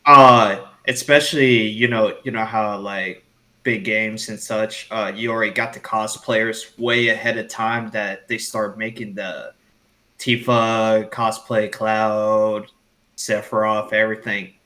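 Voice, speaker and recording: A man's voice: on the low side, level tone, slow pace, sharp tone. A man on a podcast panel asking a question politely, with hesitant restarts. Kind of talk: casual podcast interview.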